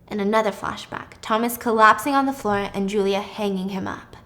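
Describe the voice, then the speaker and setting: A woman's voice: mid-range voice, brisk, few pauses, a bit bright. A young woman hosting a casual show, retelling a plot dramatically and swearing freely. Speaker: host. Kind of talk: casual storytelling recap.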